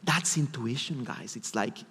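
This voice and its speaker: A man giving a motivational stage talk, telling a personal story in an animated way and acting out his inner voices. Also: medium pitch, a little slow, slightly rough. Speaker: motivational speaker. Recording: long hall reverb.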